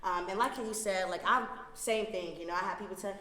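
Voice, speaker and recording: A woman's voice: medium pitch, brisk, bright, forceful tone. Earnest young woman in an echoey room. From Atlanta, Georgia. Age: 20s. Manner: earnest, explaining wellness ideas at length. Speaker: podcast guest, wellness entrepreneur. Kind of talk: casual podcast chat. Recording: echoey room with long reverb.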